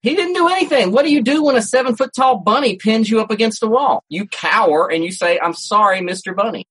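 With an extremely high, fairly bright, slightly rough voice, a male co-host talks a little fast and animatedly in casual podcast chat. He rambles through stories with frequent restarts, in a rough recording from a home setup with a cat nearby.

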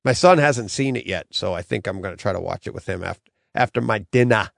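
A man's voice: deep voice, animated, fast, vocal fry, dry recording, clean studio sound. A middle-aged man hosting a podcast, rambling through a story in casual chat and acting out his own quotes. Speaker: podcast host.

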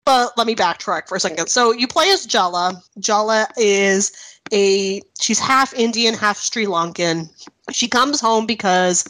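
A woman with a Canadian accent co-hosting a podcast in casual chat, animated and laughing often as she acts out quotes. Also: medium pitch, rough recording. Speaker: podcast co-host.

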